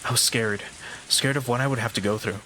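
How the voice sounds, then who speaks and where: A man's voice: mid-range voice, fairly quick, a little hiss or hum, rough recording. Man reading a visual novel aloud. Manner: steady first-person narration with small stumbles. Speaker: streamer. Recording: game music in background. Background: game music.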